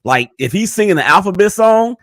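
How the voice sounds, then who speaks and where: Man, podcast host, jokey, keeps talk moving, slightly high pitch, dry audio. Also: animated, fairly bright tone, no echo. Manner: jokey, moderating, quick to move things along. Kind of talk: casual sports chat.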